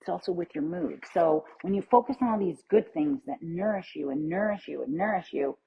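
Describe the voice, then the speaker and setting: A woman's voice: on the low side, expressive, brisk, vocal fry, slight background noise. A middle-aged woman giving a chatty, upbeat pep talk as a nutrition coach on a live stream. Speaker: plant-based nutrition coach. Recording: dull lo-fi live stream audio.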